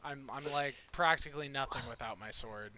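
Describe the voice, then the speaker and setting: A man's voice: medium pitch, a little fast, sharp tone, no room sound. A man playing a tabletop game, talking casually and eagerly, using slang as he describes his character's moves.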